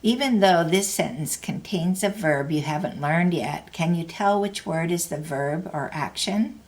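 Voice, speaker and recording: A woman's voice: lowish voice, a little slow, darkish tone. A woman teaching a language lesson, explaining grammar carefully in a scripted narration.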